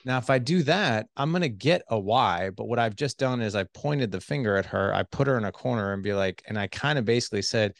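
Low gravelly-voiced man giving relationship advice. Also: fairly quick, hardly any pauses, dry recording, studio quality. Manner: animated, acts out voices of his wife and himself. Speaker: relationship coach. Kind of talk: podcast interview, advice.

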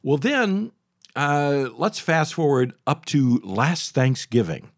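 A man in his sixties hosting a talk show, telling a story in a chatty, animated way full of restarts and asides. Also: fairly high pitch, takes it slowly, no echo, studio quality. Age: 60s. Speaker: radio talk show host. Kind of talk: casual storytelling monologue.

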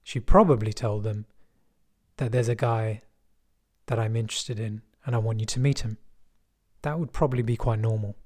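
A middle-aged man from West London with a West London accent, telling a personal story in a measured, reflective and wry way. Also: on the low side, fairly even intonation, a little mellow. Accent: West London English.

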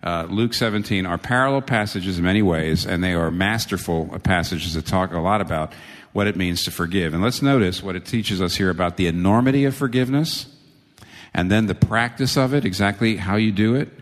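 A man preaching a sermon, animated, jumping up high when he voices the quoted lines. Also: brisk. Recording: long reverb of a large hall.

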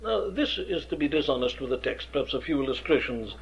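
A man's voice: mid-range voice, lively intonation, fairly quick, vocal fry, a little hiss or hum. A man, an experienced preacher lecturing earnestly on how to preach, with emphatic rhetorical questions. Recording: dull lo-fi archive recording.

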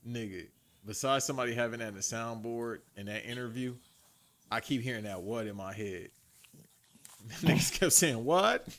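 Bright-voiced man joking in slangy chat. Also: medium pitch, fairly even intonation, moderate pace, pauses often. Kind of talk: casual chat.

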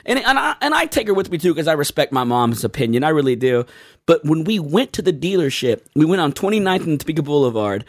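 A man's voice: on the high side, sing-song, fast, no room sound, clean studio sound. A man telling rambling stories in casual chat, cursing and laughing often.

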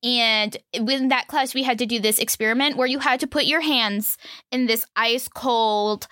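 High bright young woman telling stories. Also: normal speed, dry recording, clean studio sound. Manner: animated storytelling, laughs often, swears freely. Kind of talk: casual chat.

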